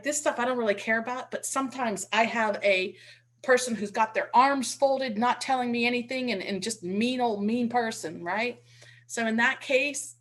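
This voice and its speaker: Woman, investing teacher, online webinar, slightly high voice, chatty, stumbling repeats. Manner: chatty, repeats words when restarting; demonstrates with call scripts. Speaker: real estate investing teacher.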